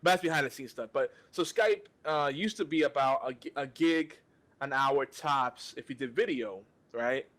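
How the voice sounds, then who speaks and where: A man's voice: mid-range voice, moderate pace, a bit bright. A man hosting a podcast, ranting in exasperation and often restarting his sentences. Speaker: podcast host. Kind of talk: casual podcast banter.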